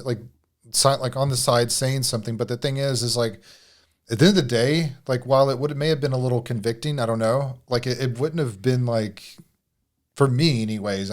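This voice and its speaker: A man's voice: mid-range voice, fairly even intonation, fairly quick. Guy marriage coach rambling in casual chat, lots of likes.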